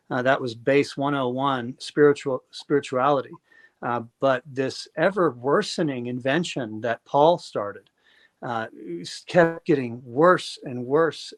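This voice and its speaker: A man in a conversational debate, making long run-on arguments in a lecturing manner. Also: medium pitch.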